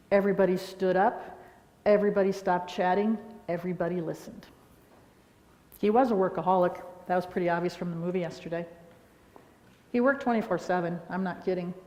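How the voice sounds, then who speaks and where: Middle-aged woman, lively anecdotal conference speaker, mid pitch, in a long-reverb lecture hall. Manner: animated storytelling with frequent "all right?".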